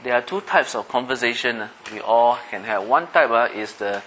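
A man's voice: mid-range voice, animated, normal speed, few pauses, pushed and bright, slight background noise, poor audio. A middle-aged man preaching a conversational sermon, often checking in with his listeners by asking them questions. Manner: conversational, asks the listeners questions, acts out everyday voices. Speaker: pastor.

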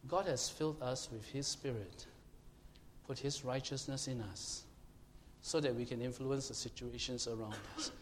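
A man's voice: medium pitch, fairly even intonation, moderate pace. Emphatic male preacher in an echoing hall. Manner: emphatic, questions the congregation, shouts to illustrate. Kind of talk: sermon. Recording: long hall reverb, faint room noise.

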